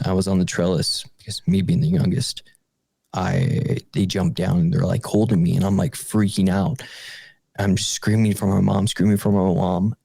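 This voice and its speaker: A young man with a low, gravelly voice recalls a frightening childhood encounter as a podcast guest. His telling halts and restarts, full of fillers and small nervous laughs. The sound is dark and dry, close to the mic. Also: no room sound. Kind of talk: recounting a personal paranormal story.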